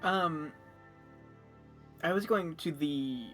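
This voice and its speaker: Slow, quiet game player. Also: male voice, a little high, soft background music. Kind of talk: casual tabletop play.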